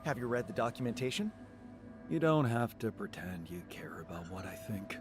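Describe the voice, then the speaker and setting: Actor as a sulky, resigned scientist clone in a game, lowish voice, game music behind. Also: male voice, moderate pace, close to an everyday voice. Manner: mopey, resigned, passive-aggressive. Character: gloomy, self-pitying man, a scientist's clone.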